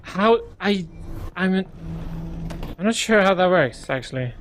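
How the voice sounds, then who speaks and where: A man streaming a game, chatting casually in a hesitant, soft-spoken way with many restarts. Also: sits high, lively intonation, measured pace, a little hiss or hum. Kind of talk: casual chat while gaming.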